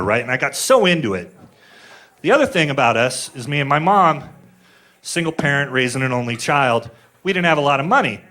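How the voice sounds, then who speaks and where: A man's voice: on the high side, fairly bright tone. A man in his forties doing a stand-up comedy set, telling crude stories in a rambling, laid-back way with lots of filler words. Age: 40s.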